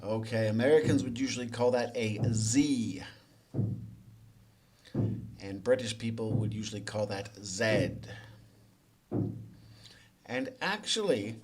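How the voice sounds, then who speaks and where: A man teaching English. He asks the viewer quiz questions, then explains the answers in a relaxed, conversational way. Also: medium pitch, a little fast, soft background music. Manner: relaxed and conversational, with small restarts. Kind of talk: explanatory lesson narration.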